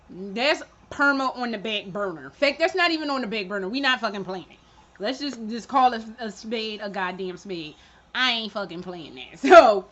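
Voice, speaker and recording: A woman's voice: sits high, a bit bright, lo-fi sound. A woman vlogging about video games in casual chat, candid and sarcastic, swearing and laughing as she acts out her own reactions. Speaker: gaming vlogger.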